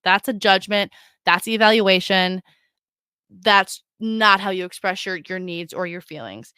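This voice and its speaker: Chatty woman podcast host, smooth dry voice. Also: medium pitch, a little slow, bright, forceful tone, no echo. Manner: chatty, stumbling restarts, addresses listeners as guys. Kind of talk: casual solo podcast talk.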